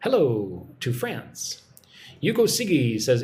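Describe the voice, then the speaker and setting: A man giving a live-streamed English lesson, relaxed and chatty as he reads out viewer comments. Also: mid-range voice, slow pace, slight background noise. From United States. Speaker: English teacher.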